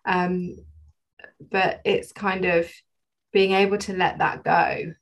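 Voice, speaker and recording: A woman's voice: fairly low pitch, level tone, slow, poor audio. A woman talking as a guest on a podcast, chatty, laughing often and trailing off mid-sentence. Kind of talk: casual podcast chat.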